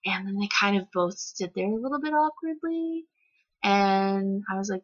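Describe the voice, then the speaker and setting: A woman's voice: medium pitch, lively intonation, moderate pace. A woman vlogger telling a story in a casual, indignant, rambling way, full of "like". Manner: indignant and rambling, heavy use of "like". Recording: slightly dull lo-fi recording.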